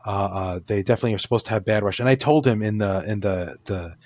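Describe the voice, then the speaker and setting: A man's voice: lowish voice, quick pace, darkish tone, dry recording. Rambling male author, dry sound. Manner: rambling, many restarts and fillers. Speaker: author guest. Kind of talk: casual interview talk.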